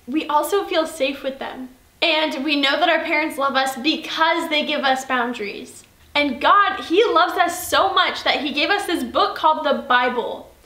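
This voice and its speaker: A woman's voice: high-pitched, pushed and bright, reverberant. Earnest young woman giving a youth talk. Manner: earnest, chatty, addresses listeners directly. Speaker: youth leader.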